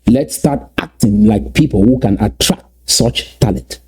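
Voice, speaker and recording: A man's voice: medium pitch, a little slow, darkish tone, slightly rough. A man giving an impassioned address to his community, emphatic and repetitive, with many rhetorical questions. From Southern Cameroons. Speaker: political speaker.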